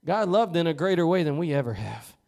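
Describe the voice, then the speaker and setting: A man preaching a sermon as pastor in a church, fervent and swinging from loud to hushed. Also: fairly high pitch, big pitch swings, a little fast, vocal fry. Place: church sanctuary.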